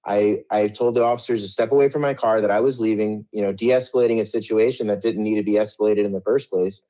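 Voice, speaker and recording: Middle-aged male interview guest, lowish voice, rambling defensive storyteller. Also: fairly even intonation, fast talker, warm tone. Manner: rambling, many restarts and fillers, defensive. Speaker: guest telling his story.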